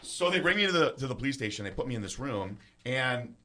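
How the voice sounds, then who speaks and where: Male storyteller, quick and bright, acts out every quote, salty language. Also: mid-range voice, soft background music. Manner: animated, acts out quoted voices, swears freely. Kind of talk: casual storytelling.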